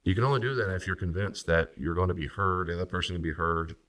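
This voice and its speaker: A man, a pastor and counselor, teaching on marriage and acting out spouses' lines in quick voices. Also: deep voice, sharp tone, distant mic. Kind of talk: recorded teaching talk on marriage.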